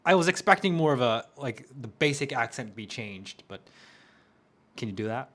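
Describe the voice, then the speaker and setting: A man's voice: medium pitch, expressive, normal speed, a bit bright. Young male podcast host, casual chat, laughs a lot, repeats himself for emphasis, mid-range voice.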